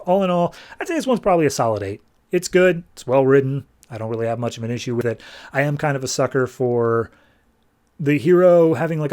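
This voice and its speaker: A man's voice: mid-range voice, darkish tone. A man hosting a podcast, reviewing comic books in a casual, rambling way that often corrects itself and repeats phrases. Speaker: podcast host.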